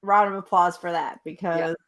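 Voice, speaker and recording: A woman's voice: lowish voice, steady tone, normal speed, lo-fi sound, a little hiss or hum. A woman hosting a casual chat about a TV show, talking loosely with lots of filler words and frequent laughs. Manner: chatty, laughs often, many filler words. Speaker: host.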